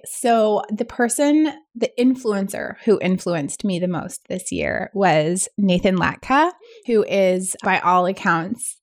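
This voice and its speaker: A woman co-hosting a podcast in casual chat, talking with lots of fillers and asides. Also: on the low side. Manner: chatty, many fillers like "like". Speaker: podcast co-host.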